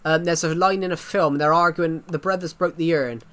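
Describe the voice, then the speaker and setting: A man's voice: a little high, fairly even intonation, moderate pace, a bit bright, clear, resonant tone. A man chatting casually on a livestream, rambling and often restarting his sentences. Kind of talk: casual stream chat.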